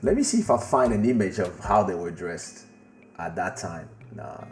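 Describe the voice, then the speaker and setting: Low-voiced and speaking at normal speed, this male podcast host spins a loose, animated story, swearing, laughing, and addressing a friend in the room who isn't on mic. The recording sounds roomy, with faint music underneath.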